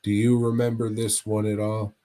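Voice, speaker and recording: A man's voice: fairly low pitch, level tone, normal speed, warm tone. A man co-hosting a casual movie review podcast, retelling plots in a rambling, profane way. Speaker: podcast co-host.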